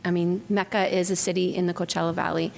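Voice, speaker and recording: A middle-aged woman from Southern California telling lively stories to an audience as an author giving a talk, acting out quotes with whispers. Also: lowish voice, fast talker, gravelly. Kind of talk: anecdotal storytelling to an audience. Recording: lecture hall with long reverb, faint noise.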